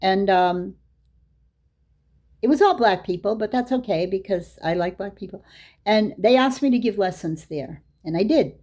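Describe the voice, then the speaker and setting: A woman's voice: mid-range voice, normal speed, darkish tone. An older woman giving a storytelling lecture, recounting anecdotes and acting out the dialogue in her own voice. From Boston area, USA. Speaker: Islamic lecturer.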